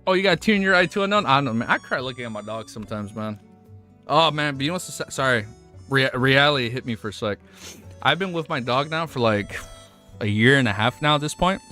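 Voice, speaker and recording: A young man at a home streaming setup talks in a loose, slangy way, calling the audience "man" and "bro" and swearing freely. His voice sits at an ordinary middle pitch. Faint music plays softly behind him. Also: expressive, brisk. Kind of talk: casual live-stream chat and reading aloud.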